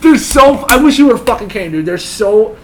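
A man with a high voice talks quickly and loosely, swearing constantly as he rambles through stories among friends. A faint hum of ambient noise sits behind him. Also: lively intonation. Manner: profane, rambling storytelling with frequent laughter. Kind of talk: casual chat.

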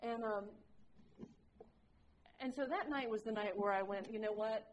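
A woman's voice: medium pitch, a little slow, muffled recording, slight background noise. A woman sharing her recovery story with a group, candid and self-mocking, rambling with lots of "like"s. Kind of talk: personal recovery share to a group.

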